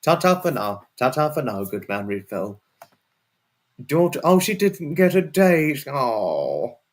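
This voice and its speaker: A man's voice: medium pitch, big pitch swings, slow pace. Rambling man hosting a livestream. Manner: rambling and repetitive, often restarts and repeats phrases; chatty and friendly, bursts into sweary outbursts. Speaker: livestream host. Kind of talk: casual livestream chat, answering viewers' messages.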